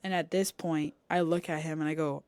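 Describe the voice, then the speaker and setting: A woman's voice: low voice, fairly quick, clean tone, dry recording. A young woman co-hosting a podcast, telling a story in casual chat and animatedly acting out the dialogue. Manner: animated, acts out quoted dialogue, cusses. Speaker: podcast co-host. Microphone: studio podcast mic.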